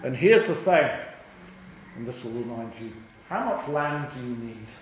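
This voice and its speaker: A man, a priest, retelling a story in a sermon in an animated, chatty way, with many restarts. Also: medium pitch, a little slow, a little hiss or hum. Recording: echoey room with faint ambience.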